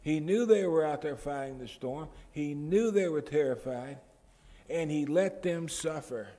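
A man's voice: a little high, lively intonation, measured pace, dark tone. Preacher man in a reverberant hall. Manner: storytelling, building to emphatic outbursts. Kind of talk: sermon. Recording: long reverb of a large hall.

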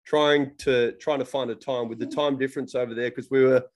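A man's voice: mid-range voice, fairly even intonation, fairly quick. An Australian man hosting a casual interview, asking jokey, matey questions. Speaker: host.

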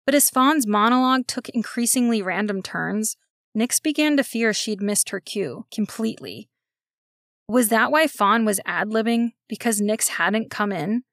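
A woman's voice: fairly high pitch, moderate pace, no room sound. Woman narrating a story, dry close sound. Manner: steady, expressive storytelling.

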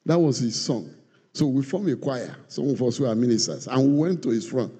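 Man, pastor, lively preaching, raspy and gravelly, big echoing hall. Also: mid-range voice, moderate pace. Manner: animated, acts out voices, swings between shouts and quiet asides. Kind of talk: sermon. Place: church hall. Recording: long reverb of a large hall.

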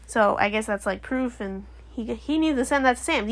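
A young woman recapping a TV episode in casual chat, animated and indignant, slipping into quick impressions of the characters. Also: on the high side. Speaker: show reviewer.

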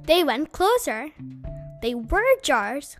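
A woman reading a children's story aloud as a storyteller, slow and expressive. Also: sits high, faint music behind.

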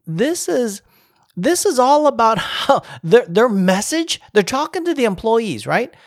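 A man giving casual spoken commentary on leadership, emphatic and climbing higher in pitch as he presses a point. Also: sing-song, unhurried, no echo, clean studio sound. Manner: emphatic, rises in pitch when making a point.

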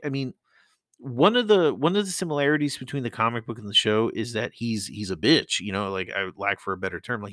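A man's voice: medium pitch, pushed and bright, no room sound. A man hosting a casual solo podcast, rambling and swearing as he talks into a close mic. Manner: rambling, profane, laughs often. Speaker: podcast host.

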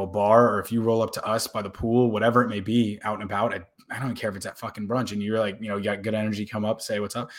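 A young man vlogging to camera in a casual, rambling way, often repeating words and swearing now and then. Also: on the low side.

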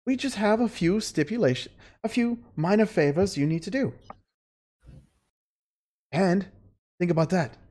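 A game master voicing a crude, scheming female fey courtier who makes a profane, persuasive sales pitch in a tabletop game. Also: measured pace, long pauses, darkish tone, close to an everyday voice. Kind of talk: tabletop role-play.

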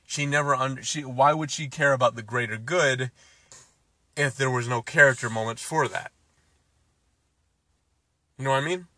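A man's voice: medium pitch, moderate pace, pauses often, sharp tone, no room sound. A man casually recapping a film, ranting and swearing, exasperated. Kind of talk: casual movie recap chat.

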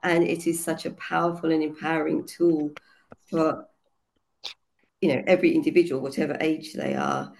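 Hoarse woman with a gravelly voice. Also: sits low, animated, normal speed, a little mellow. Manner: earnest, explains with many fillers. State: hoarse from a cold. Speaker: children's yoga teacher and book contributor. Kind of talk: casual online panel talk.

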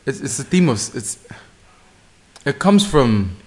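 A man's voice: mid-range voice, sing-song, measured pace, a little mellow. A man co-hosting a podcast in casual chat, teasing and joking. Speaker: podcast co-host.

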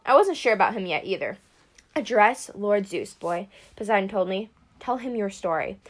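Woman reading a first-person story aloud. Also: a little high. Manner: reads steadily with occasional slips. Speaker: reader.

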